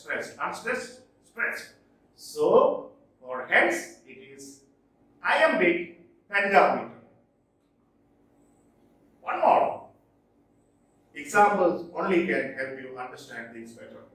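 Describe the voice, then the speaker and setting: A man teaching in a recorded video lesson, his fairly high voice leaping up and down with emphasis. He speaks very slowly, repeating terms and checking whether it is clear. The sound is roomy and echoey, picked up from a distance. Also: a bit bright. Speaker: English teacher. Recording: echoey room, distant mic.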